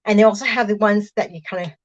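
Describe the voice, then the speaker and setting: A chatty woman rambles to her livestream viewers while she cooks, full of fillers and quick "hang on"s. Her voice often drifts away from the microphone as she moves around a home kitchen. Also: mid-range voice, muffled recording. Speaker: livestream host. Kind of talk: casual chat while cooking. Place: home kitchen, moving between rooms. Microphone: device mic, often at a distance. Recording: voice drifting far from the mic.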